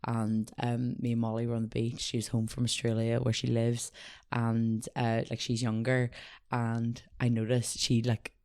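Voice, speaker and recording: A woman's voice: very deep voice, normal speed, clean tone. Chatty Northern Irish woman storyteller. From Northern Ireland. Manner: chatty storyteller, constant "like", lively acted-out quotes. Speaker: guest stylist. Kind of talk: casual podcast chat.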